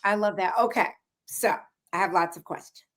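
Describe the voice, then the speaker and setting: A woman's voice: mid-range voice, moderate pace, a bit bright. An American woman co-hosting a podcast, mostly giving short agreements and then asking questions in casual chat. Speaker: podcast co-host.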